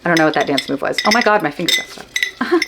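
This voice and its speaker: A woman's voice: sits low, animated, fast talker, heavy background noise. A woman vlogging about books in casual chat, bubbly and gushing with a playful streak. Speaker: book vlogger.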